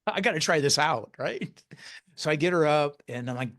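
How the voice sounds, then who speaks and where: Man telling a personal story, halting. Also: on the high side. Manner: halting, with frequent restarts; animated when quoting himself. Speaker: author and guest.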